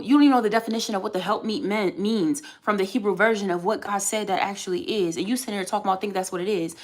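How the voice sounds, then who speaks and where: A woman's voice: medium pitch, quick pace. A young adult woman from the United States venting candidly to her live-stream chat and talking back to commenters. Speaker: vlogger.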